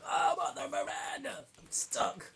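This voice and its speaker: A man's voice: a little slow, a bit bright, lightly acted. A man voicing a whining trapped male villager who pleads melodramatically for help. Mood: wailing.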